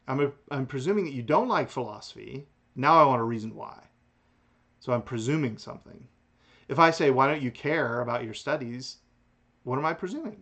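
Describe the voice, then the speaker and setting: A man teaching a philosophy class in a recorded lecture, talking in a lively way with restarts and chuckles. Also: mid-range voice. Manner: animated, lively delivery with frequent restarts and chuckles. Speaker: philosophy instructor.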